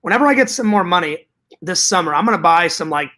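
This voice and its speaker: A man's voice: sits high, expressive, fast talker, sharp tone. A man vlogging to his viewers in casual chat, hyper and rambling, with joking profanity.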